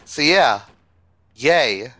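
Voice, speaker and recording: A man co-hosts a charity gaming livestream with a bright, forceful voice. He teases his partner in casual banter and laughs often. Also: medium pitch, lively intonation, extremely slow, no room sound. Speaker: co-host of a charity stream.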